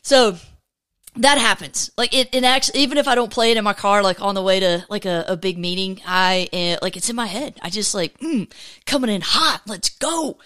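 A woman's voice: mid-range voice, fairly quick, a bit bright, clean tone. A woman hosting a casual faith podcast, upbeat and chatty, rambling with many restarts. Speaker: podcast host.

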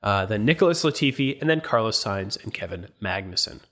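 A man co-hosting a podcast, chatting casually and reading through a list of starting positions with measured pauses. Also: fairly low pitch, animated, fairly bright tone. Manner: reads lists with measured pauses. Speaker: podcast co-host. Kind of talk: casual chat and reading a race grid.

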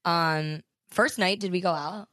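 A woman's voice: lowish voice, unhurried. A young adult woman co-hosting a podcast, telling stories animatedly and acting out what others said. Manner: animated storyteller, acts out others' lines. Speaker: podcast co-host. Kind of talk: casual chat.

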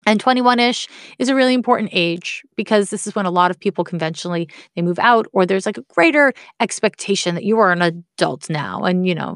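A woman's voice: mid-range voice, animated, fairly quick, few pauses, no echo, studio quality. A woman explaining astrology in a casual, candid way, swearing now and then and making wry asides. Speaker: astrology teacher.

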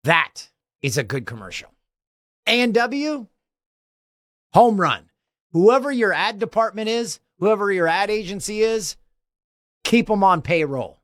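A man in his forties hosts a casual podcast chat, animated and quick to joke and laugh. His voice sits a bit high, and the sound is dry and close with no room around it. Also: no echo. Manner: animated, jokey, laughs often. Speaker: podcast host.

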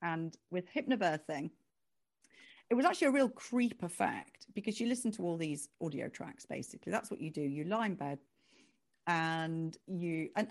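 A woman, talking animatedly as an author guest in an interview. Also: fairly low pitch. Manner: animated, expressive, laughs easily. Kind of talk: conversational interview.

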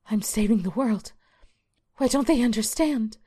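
A frantic, paranoid woman, as a storyteller voices her, pleads in a raised, strained voice that drags out each word. Her talk comes slowly and shakes with desperation. The reading stays close and dry. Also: fairly high pitch, lively intonation, warm tone, husky, pitched above the performer's own voice. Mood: desperate. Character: frantic deluded woman nurse, mid-breakdown.

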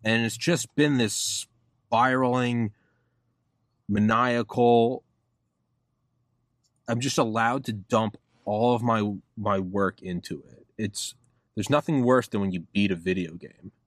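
Low-voiced profane podcast host, dry sound. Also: male voice, slow, pauses often, dry recording. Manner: profane, rambling, grows loud and excited. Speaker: podcast host being interviewed. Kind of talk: casual interview storytelling.

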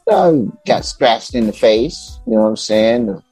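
A man's voice: lowish voice, measured pace, breathy edge, no echo, faint music behind. A man from Chicago, a podcast guest, telling stories in casual chat and acting out the people in them. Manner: animated, acts out voices of people in his stories.

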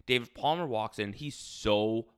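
A man's voice: fairly low pitch, measured pace, a bit bright, smooth. A man hosting a podcast, chatting casually through a recap with lots of fillers. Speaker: podcast host.

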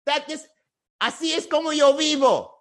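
A man voicing a stubborn Miami gas-station coffee seller who shouts her defiance, mixing in Spanish. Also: very high-pitched, normal speed, pitched above the performer's own voice. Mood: defiant.

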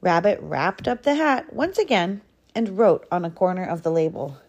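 A woman reading a children's picture book aloud in an expressive storytelling manner. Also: on the low side, moderate pace, lo-fi sound. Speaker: storybook reader.

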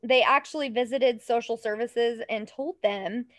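A woman co-hosting a podcast, telling a story in casual chat, animated, laughing often and tripping over words. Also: a little high, normal speed, no room sound, studio quality. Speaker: podcast co-host.

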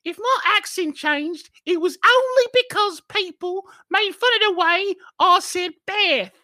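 A woman's voice: very high voice, a little slow, pushed and bright, no room sound, studio quality, voice pushed up, full character voice. A woman voicing a young lady in an exaggerated, sing-song mock-posh English accent. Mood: bragging.

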